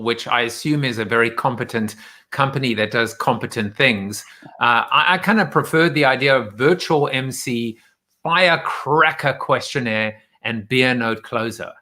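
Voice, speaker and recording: A man hosting a casual video-call chat, teasing his guest in a playful, quick-witted way. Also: medium pitch, bright, forceful tone. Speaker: host.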